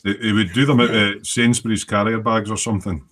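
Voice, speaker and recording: A man's voice: fairly low pitch, steady tone, brisk, a bit bright, slight background noise. Chatty man hosting a video call. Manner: chatty, teasing, reads out viewer comments. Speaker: host of a model-making hangout. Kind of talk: casual group video call chat.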